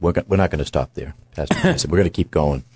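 A very deep-voiced male host teaches from scripture with firm emphasis. He stumbles and repeats words as he builds his point. The sound is dry and close-miked. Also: fast talker, a little mellow, slightly rough, no room sound. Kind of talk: Bible teaching in talk show.

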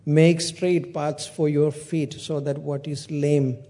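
A man's voice: on the high side, little pitch movement, slow, dark tone. A man preaching a sermon, retelling a parable with acted-out dialogue and frequent restarts.

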